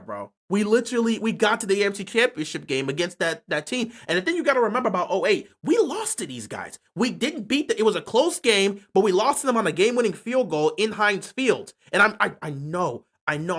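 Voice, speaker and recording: A man's voice: sits high, fairly bright tone. A man hosting casual sports talk, impassioned and repeating himself with stammering restarts. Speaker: sports channel host.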